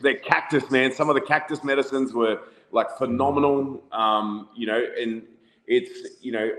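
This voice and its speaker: A man with an Australian accent, a podcast guest telling stories in a rambling, casual way full of "you know" fillers. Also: mid-range voice. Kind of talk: casual storytelling. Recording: echoey room with long reverb.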